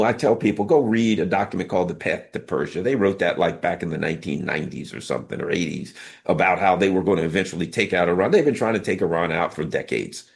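Gravelly low-voiced man holding forth. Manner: emphatic, repetitive, colloquial, talks in short bursts. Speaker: political commentator. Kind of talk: unscripted political monologue.

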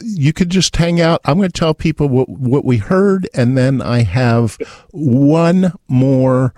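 A man's voice: medium pitch, slow pace, dark tone, no echo. A man hosting a radio music show in the studio, chatting casually and hesitantly with plenty of ums. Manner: hesitant, many ums, chuckles. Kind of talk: casual on-air chat.

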